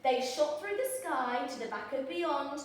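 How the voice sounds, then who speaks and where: A woman teacher reading a picture book aloud in a lively, expressive, sing-song way. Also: high-pitched, a little slow, distant mic. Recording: very echoey room, voice off-mic.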